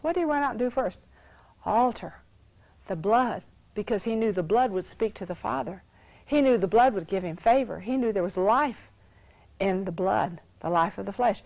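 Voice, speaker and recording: A woman's voice: a little high, expressive, normal speed, darkish tone, dry recording, rough recording. A woman teaching a sermon, reading scripture aloud and repeating phrases for emphasis. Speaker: Bible teacher.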